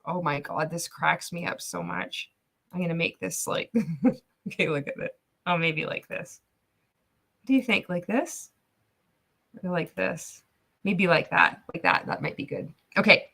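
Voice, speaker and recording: A woman's voice: fairly low pitch, lively intonation, measured pace, creaky, pauses often, sharp tone. A woman hosting a casual livestream reaction, chatty and laughing often as she talks. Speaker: host.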